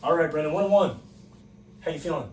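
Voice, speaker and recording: A young man co-hosting a casual podcast, reading quiz questions in a teasing, animated way and laughing often. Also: fairly high pitch, fast. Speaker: podcast co-host, quiz reader. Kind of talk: casual chat. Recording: echoey room, distant mic, faint noise.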